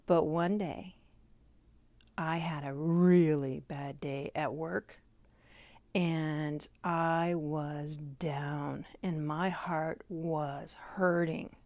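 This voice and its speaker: Slow, earnest woman sharing her faith. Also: low-pitched, fairly even intonation, no room sound. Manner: earnest, heartfelt, gentle storytelling. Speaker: Christian devotional speaker. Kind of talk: personal faith testimony.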